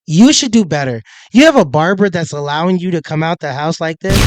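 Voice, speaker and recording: A man's voice: sits high, background noise. A young man ranting profanely and confrontationally on a livestream, insulting the people he talks about. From United States. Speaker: streamer.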